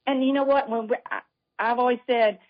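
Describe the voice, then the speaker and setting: A woman's voice: on the high side, steady tone, fairly quick. An older woman with a Southern accent, a guest author chatting casually and telling family stories. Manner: warm storytelling. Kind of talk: casual chat. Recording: dull lo-fi sound.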